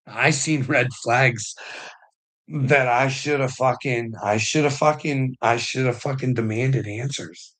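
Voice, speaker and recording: A man's voice: medium pitch, takes it slowly, a bit bright, rough recording. A middle-aged man ranting casually on a livestream, swearing, rambling and laughing often. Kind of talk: casual live rant.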